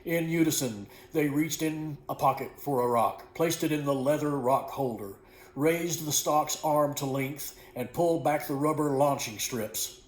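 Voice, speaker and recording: Folksy man reading his own story aloud. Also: fairly high pitch. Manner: folksy, unhurried, with small slips corrected as he goes. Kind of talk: storybook narration. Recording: echoey room.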